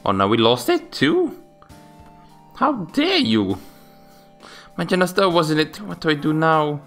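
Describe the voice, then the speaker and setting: A man's voice: on the low side, normal speed, a bit bright, soft background music, close to an everyday voice. Man reading as a worried young summoner girl. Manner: anxious, talking to herself.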